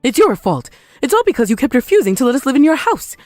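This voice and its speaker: A woman playing a shrill scheming mother-in-law. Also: very animated, fast talker, a little mellow, no echo, soft background music. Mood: blaming. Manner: defensive, shrill, blames others. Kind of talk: text-message story voice acting.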